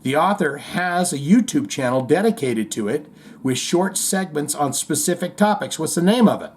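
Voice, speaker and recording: Animated male podcast host. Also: fairly high pitch, normal speed. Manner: animated, jokey, puts on voices when reading comments. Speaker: podcast host reading listener comments. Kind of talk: casual comedic commentary.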